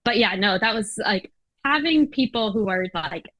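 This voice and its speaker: A woman's voice: medium pitch, lively intonation, moderate pace, bright, forceful tone, no echo, muffled recording. A woman with an American accent, a podcast guest chatting casually with lots of fillers and little laughs. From United States. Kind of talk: casual interview chat.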